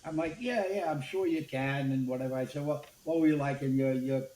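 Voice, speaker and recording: A man's voice: medium pitch, brisk. An older man, a media executive telling anecdotes in an interview and acting out the dialogue. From Brooklyn, USA. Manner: animated storyteller acting out dialogue. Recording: roomy echo with faint background noise.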